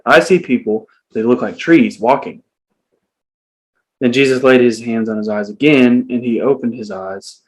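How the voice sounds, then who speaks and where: A man's voice: fairly low pitch, low-quality recording. A man reading a Bible passage aloud in a casual chat, breaking in with playful asides. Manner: reads scripture aloud, breaks in with jokes.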